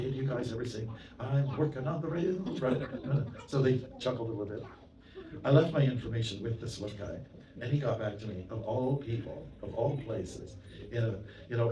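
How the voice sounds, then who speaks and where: Chatty monk lecturing in a roomy hall. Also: male voice, fairly low pitch, noisy background. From Canada. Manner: chatty, anecdotal, with many "you know" asides and audience questions. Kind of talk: storytelling sermon to a temple audience. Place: temple hall. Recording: roomy hall, mic at a distance, audience present.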